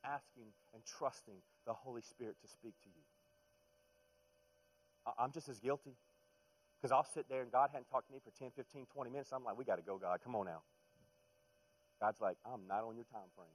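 Middle-aged male pastor, conversational sermon delivery, mid-pitched voice, swings from quiet to forceful emphasis. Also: rough recording.

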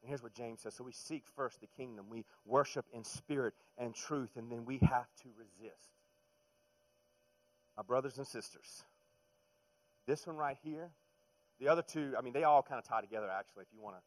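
Middle-aged male pastor, conversational sermon delivery, mid-pitched voice, swings from quiet to forceful emphasis. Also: normal speed, poor audio.

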